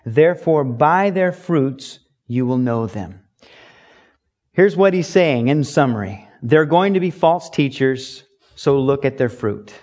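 A pastor giving a conversational sermon, repeating key phrases for emphasis. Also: male voice, medium pitch, expressive, slow pace, darkish tone.

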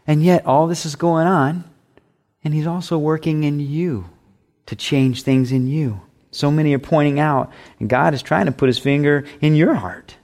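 A man preaching a sermon, swinging from loud emphasis to soft near-whispers and acting out imagined voices in quick asides. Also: on the high side.

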